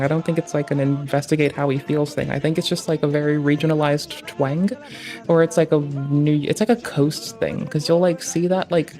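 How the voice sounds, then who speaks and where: A man's voice: fairly high pitch, a little mellow. Rambling, foul-mouthed male streamer. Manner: rambling, digressive, heavy slang and swearing. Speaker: streamer reacting to a debate. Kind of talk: casual profane stream commentary.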